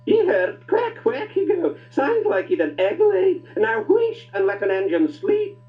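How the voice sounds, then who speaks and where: A man's voice: extremely high pitch, wildly swooping pitch, measured pace, dull audio, pitched above the performer's own voice, exaggerated voice. A man voicing a cheerful Scottish male tank engine who teases his friends in a broad, sing-song way. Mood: teasing.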